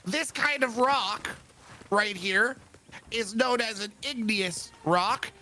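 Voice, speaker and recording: A man puts on a cheery nature tour guide who lectures his group with upbeat enthusiasm. His voice is pitched very high and sounds bright and sharp. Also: takes it slowly, a little hiss or hum, exaggerated voice. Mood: lecturing.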